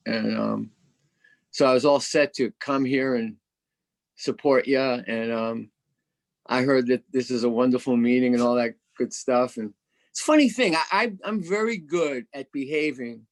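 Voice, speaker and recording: A man giving a candid, self-mocking personal share at a recovery meeting as a guest speaker, often stammering and repeating words over a video call. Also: mid-range voice.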